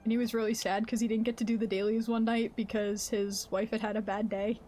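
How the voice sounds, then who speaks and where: A woman live-streaming a game, chatting casually with her viewers in an excitable, laughing way. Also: a little high, brisk, faint music behind. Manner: greets chat viewers mid-game.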